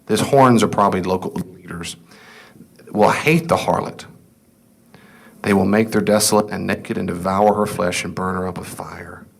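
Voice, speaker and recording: A middle-aged man teaching a casual Bible class, reading scripture aloud and asking the class questions he then answers himself. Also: low voice. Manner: conversational, asks the class questions and answers them.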